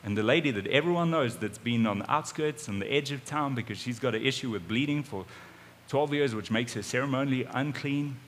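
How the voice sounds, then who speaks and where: A South African pastor tells a story-style sermon in a conversational, animated way. His voice sits at a medium pitch, and faint ambient noise runs behind him. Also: brisk, long reverb tail. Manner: animated, conversational, repeats his starting words. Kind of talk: first-person storytelling sermon.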